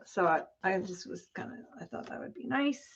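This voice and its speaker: A woman's voice: mid-range voice, lively intonation, a little fast. A woman hosting a casual craft-along livestream, chatting with viewers and thinking aloud as she measures and cuts. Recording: dull, lo-fi home stream with clear background noise.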